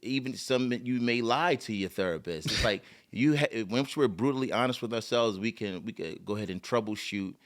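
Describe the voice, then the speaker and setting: A man's voice: medium pitch, moderate pace, hardly any pauses. A man as a podcast guest, speaking in an earnest, motivational way in casual conversation.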